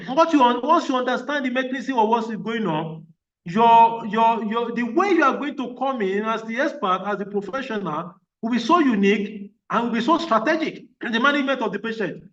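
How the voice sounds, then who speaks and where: A man's voice: very high voice, animated, fairly quick, fairly bright tone, far from the mic, dull audio. A man teaching a physiotherapy training class, emphatic and repeatedly checking that the class is following. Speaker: physiotherapy lecturer. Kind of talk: online training lecture.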